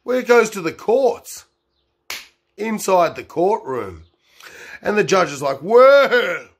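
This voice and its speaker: A man telling a meandering improvised story, full of fillers, swinging between loud bursts and low murmurs. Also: sing-song, slow, husky.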